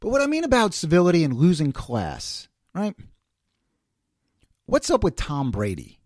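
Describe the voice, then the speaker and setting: Animated man ranting with rhetorical questions. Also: mid-range voice, a little fast, dry recording, clean studio sound. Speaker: host. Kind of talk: opinionated solo commentary.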